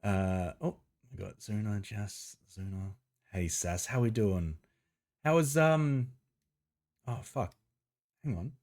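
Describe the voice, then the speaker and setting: A man's voice: slow pace, pauses often. A man live-streaming a game, chatting casually with viewers, greeting them by name and laughing and swearing easily. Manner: chatty, greets viewers by name, bursts of excited rising pitch.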